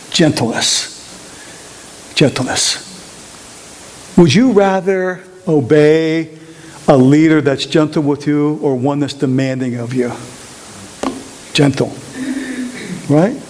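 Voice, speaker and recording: High-voiced animated male preacher. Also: slow pace, pauses often, slight background noise. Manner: animated, asks the group questions, repeats phrases. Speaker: Bible study teacher. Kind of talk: interactive sermon.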